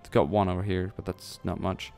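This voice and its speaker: A man with a fairly low voice talks through a strategy game, thinking aloud as he plays. He rambles and throws in jokey asides, with faint music playing under his voice. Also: little pitch movement, fairly quick, creaky, a little mellow. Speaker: let's play commentator. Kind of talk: casual gameplay commentary.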